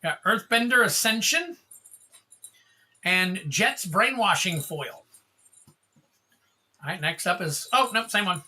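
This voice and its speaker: Chatty man opening card packs, bright voice. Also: high-pitched, very animated, slow pace, long pauses, slight background noise. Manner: rambling, jokey, calls out cards as he opens them. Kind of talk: casual livestream chat.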